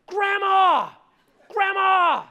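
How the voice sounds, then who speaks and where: A man voicing a bold, loud little girl of about six, who teases and shouts. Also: very high voice, expressive, unhurried, pitched above the performer's own voice, heavily acted. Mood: teasing shout. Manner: shouting, teasing, sing-song.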